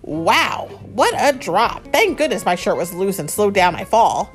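A woman's voice: medium pitch, very animated, unhurried, soft background music. A woman reading as a cheerful, know-it-all giant. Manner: friendly, explaining, sing-song.

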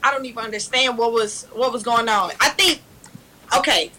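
A young woman telling a story in casual chat, animated and laughing, loudly acting out what others said. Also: fairly high pitch, normal speed, low-quality recording.

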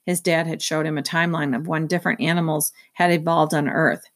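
A woman narrating a children's novel aloud in a steady, clear storytelling manner. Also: low-pitched, a little fast. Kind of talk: children's book read-aloud.

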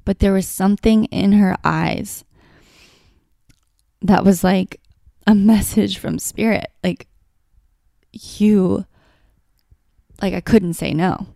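A woman's voice: mid-range voice, fairly even intonation, slow pace, vocal fry, pauses often, dark tone, no echo, studio quality. A woman telling a personal story in a candid, heartfelt way, full of "like" and "you know". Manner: emotional, heartfelt, filler-heavy with frequent "like".

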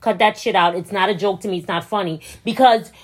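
Blunt, animated young woman co-host. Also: brisk. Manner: blunt and animated, bursts into high laughter. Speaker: podcast co-host. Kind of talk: casual chat.

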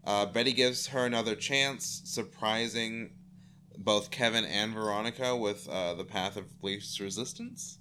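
Recapping a TV show with his co-host, this man chats casually at a measured pace, his voice lowish with a sharp tone. He's playful and laughs a lot, doing silly voices for the dog, against slight background noise.

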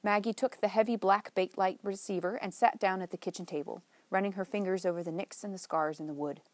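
A woman narrating a novel in a measured, lightly wry storytelling manner. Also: mid-range voice, fairly even intonation, no room sound. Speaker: audiobook narrator. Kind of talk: scripted narration.

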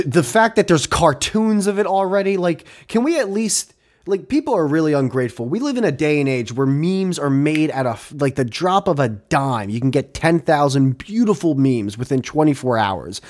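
A young man hosting a podcast, chatting casually in a rambling, animated way, swearing and laughing often. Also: medium pitch. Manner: rambling, animated, swears a lot, laughs often, does mocking voices in quotes. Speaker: podcast host.

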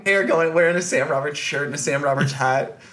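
A man's voice: fairly high pitch, fairly quick, a bit bright. A man telling a long, rambling story on a podcast, full of restarts and fillers. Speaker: podcast host. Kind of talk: casual storytelling chat.

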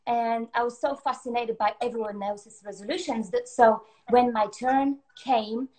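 A woman's voice: on the high side, fairly even intonation, normal speed, darkish tone. A woman pastor from Bulgaria with a Bulgarian accent, chatting casually and laughing easily. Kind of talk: casual chat.

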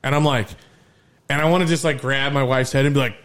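A man hosting a podcast, telling stories in a lively, casual way and swearing freely. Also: mid-range voice, quick pace. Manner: animated storyteller, swears freely. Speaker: podcast host.

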